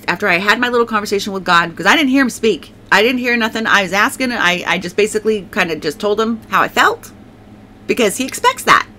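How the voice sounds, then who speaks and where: Bright-voiced woman giving emotional testimony. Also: on the high side, a little hiss or hum. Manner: emotional, repeats words, many restarts. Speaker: Christian testifier. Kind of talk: personal testimony talk.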